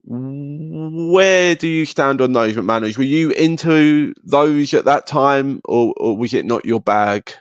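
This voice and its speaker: A man's voice: mid-range voice, slow, hardly any pauses, clear, resonant tone, no room sound. Curious man on a dull lo-fi mic. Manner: curious, questioning, swears casually. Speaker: podcast host. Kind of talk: casual chat.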